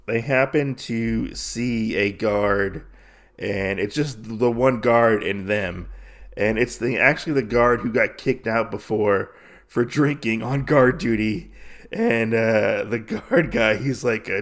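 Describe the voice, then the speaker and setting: A man's voice: medium pitch, unhurried. A man hosting a podcast, casually recapping a comic book with lots of fillers and loose asides. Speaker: podcast host.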